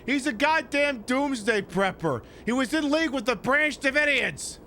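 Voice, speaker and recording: A man commentating on a video game playthrough, jokey and profane, getting loud and excited at surprises. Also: extremely high pitch, normal speed, a little hiss or hum. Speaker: gameplay streamer. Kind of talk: let's-play commentary.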